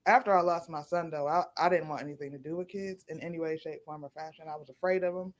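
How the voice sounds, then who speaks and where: Fast-talking middle-aged woman telling her story. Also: low-pitched. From Niagara Falls, New York, USA. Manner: animated, acts out quoted voices, laughs while telling. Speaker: guest. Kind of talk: personal storytelling on a radio talk show.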